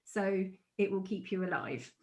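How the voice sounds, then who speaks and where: A middle-aged woman, an NLP trainer, explaining a method and telling a personal story in a chatty, animated way, laughing often. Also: mid-range voice, unhurried. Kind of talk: teaching explanation with personal anecdote.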